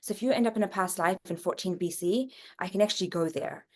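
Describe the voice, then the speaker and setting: During a conversational interview, a female guest talks fast, earnestly describing how psychic readings work as her pitch rises and falls.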